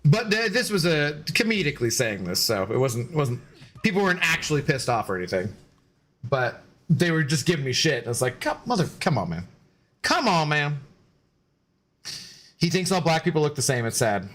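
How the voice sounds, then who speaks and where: A man's voice: on the high side, sing-song, brisk, fairly bright tone. A man chatting casually on a gaming live stream, rambling, joking and answering chat.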